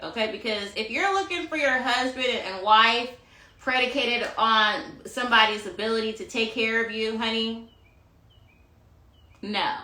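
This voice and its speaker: This woman's voice sits on the high side, bright and pushed, yet she takes her time, and the room gives it a spacious sound. Giving a tarot reading on an Instagram phone live, she's profane and sassy, calls her audience honey, and rants about astrology and loving yourself.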